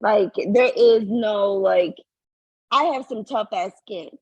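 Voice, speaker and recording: A woman's voice: mid-range voice, slow, husky, no room sound, muffled recording. A woman co-hosting a podcast, talking in a blunt, sarcastic, casual way. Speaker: podcast co-host. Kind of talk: casual chat.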